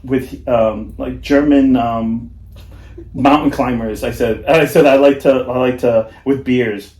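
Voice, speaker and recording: A man's voice: medium pitch, steady tone, slow pace, a little mellow. A man co-hosting a casual podcast, telling rambling stories full of fillers and frequent laughter. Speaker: podcast co-host. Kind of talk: casual chat. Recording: echoey room.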